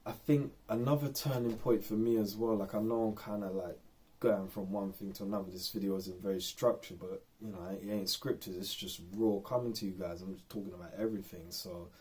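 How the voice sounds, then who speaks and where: Husky-voiced man rambling candidly. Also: lowish voice, fairly even intonation, fairly quick, a little mellow. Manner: rambling and candid, lots of fillers. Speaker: vlogger. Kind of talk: unscripted personal vlog.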